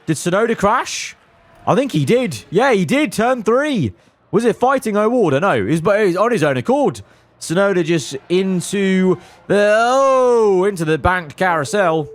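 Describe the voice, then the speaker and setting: A man commentating his own racing management game, cheering on his drivers and swinging between calm analysis and elated outbursts. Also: sits high, unhurried. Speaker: gaming YouTuber.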